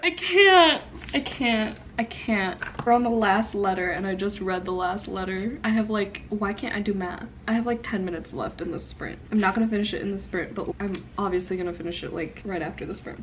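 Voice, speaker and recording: A woman's voice: mid-range voice, moderate pace, sharp tone, slight background noise. A woman book vlogger chatting casually and gushing about what she reads, swearing freely. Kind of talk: casual vlog chat. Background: background music.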